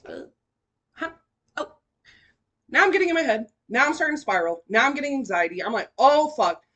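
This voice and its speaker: A woman's voice: high-pitched, very animated, a little fast, bright, forceful tone. Young woman, podcast host, swearing and slangy as she recounts a personal story, raw and emotional.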